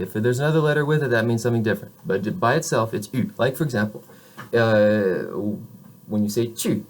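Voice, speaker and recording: A man teaching beginner French pronunciation, explaining casually, correcting himself and modeling sounds slowly. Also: on the low side.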